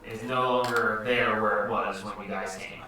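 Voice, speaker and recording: A man narrating a tabletop game as game master, in an animated way. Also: on the low side, normal speed, a little hiss or hum. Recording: echoey room, far from mic.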